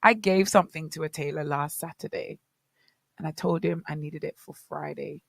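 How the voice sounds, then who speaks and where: Young woman, Bahamian accent, radio co-host, animated storytelling, dry studio sound. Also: deep voice, normal speed, gravelly, no echo. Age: young adult. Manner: animated storytelling, preacherly asides to listeners. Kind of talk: casual morning radio chat.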